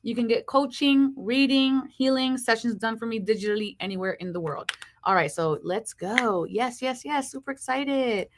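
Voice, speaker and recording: A woman hosting a live horoscope stream, talking with a slight lisp from braces and greeting viewers by name. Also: fairly high pitch. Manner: slow hushed reading of card messages. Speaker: host.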